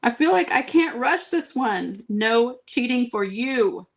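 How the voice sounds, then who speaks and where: A woman hosting a live craft stream, chatty and excitable, talking straight to her viewers. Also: a little high, unhurried. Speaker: DIY craft host.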